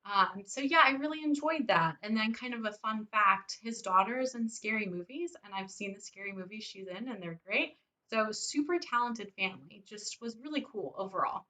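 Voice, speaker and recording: A woman's voice: medium pitch, expressive, moderate pace, sharp tone, low-quality recording. A woman who hosts an interview show, chatting in an upbeat way about favorite guests. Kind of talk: casual reflection.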